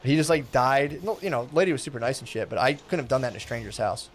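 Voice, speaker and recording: A man's voice: mid-range voice, fast, a little hiss or hum. Profane, rambling podcast co-host man. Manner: loose, profane storytelling with acted quotes. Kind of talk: casual chat.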